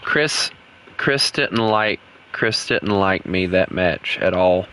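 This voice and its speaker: A man chatting casually while playing an online game, his voice bright and forceful. He talks offhand and half to himself, trailing off into mumbled asides. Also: sits low, lively intonation, takes it slowly, a little hiss or hum. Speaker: game streamer. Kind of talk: casual gameplay commentary.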